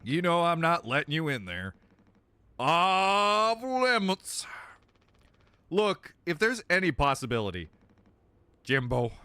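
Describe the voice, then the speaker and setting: A man plays a gruff, stubborn ship captain with a lazy Southern drawl, brushing off every plea. The voice is bright and swings widely in pitch. It is a let's-play character voice. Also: no room sound, heavily acted. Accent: Southern US drawl, put on. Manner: drawling, dismissive.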